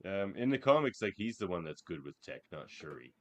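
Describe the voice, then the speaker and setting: A man's voice: low voice, sing-song, fairly quick. A man co-hosting a casual podcast, reading out categories and teasing his co-host with confidence. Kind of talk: casual chat.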